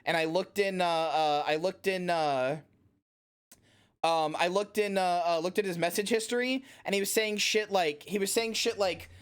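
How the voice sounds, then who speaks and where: A woman streamer telling a story in casual stream chat, animated and rambling, and swearing casually. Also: lowish voice, normal speed, clean tone.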